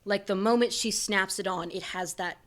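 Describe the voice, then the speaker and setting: A woman's voice: mid-range voice, moderate pace, noisy background. A woman narrating a tabletop game as game master, rambling with many fillers.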